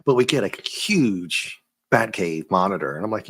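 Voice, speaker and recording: A man hosting a casual comic book review, joking and animated, often breaking into silly voices. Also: deep voice, moderate pace, slightly rough, dry recording, studio quality. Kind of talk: casual chat.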